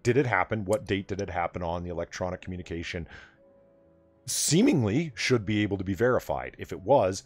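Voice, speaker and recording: A man hosting a late-night casual chat stream, an animated storyteller who swears freely. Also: low voice. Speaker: stream host.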